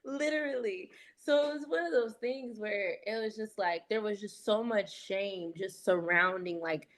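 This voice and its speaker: A woman's voice: mid-range voice, normal speed. A woman in her thirties, a guest, talking frankly and telling stories in a casual chat. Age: 30s. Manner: frank, storytelling.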